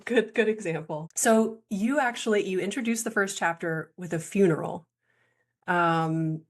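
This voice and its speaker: A woman hosting a podcast interview, asking questions in an earnest, appreciative way. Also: on the low side. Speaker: podcast host.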